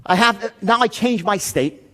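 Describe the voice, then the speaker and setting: A man giving a live sales seminar, telling a profane, animated story with loud outbursts and quieter asides. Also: high voice, a little slow. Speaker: sales and persuasion trainer.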